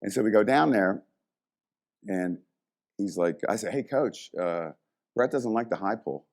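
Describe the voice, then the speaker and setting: Deep-voiced man telling animated stories. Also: measured pace, creaky. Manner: animated storyteller, acts out quoted voices. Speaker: guest, former college strength coach. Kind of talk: storytelling in a casual interview.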